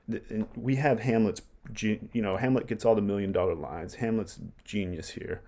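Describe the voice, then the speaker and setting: A man's voice: fairly low pitch, steady tone, moderate pace, few pauses, dark tone. A man casually explaining a play, in a chatty way with fillers and self-corrections.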